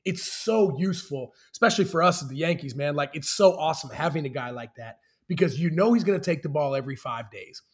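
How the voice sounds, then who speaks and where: A man's voice: a little high, lively intonation, fast, hardly any pauses. A man who plays professional baseball, talking enthusiastically in a casual sports chat and calling his host "bro". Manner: enthusiastic, says "bro" a lot. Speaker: professional baseball player, guest.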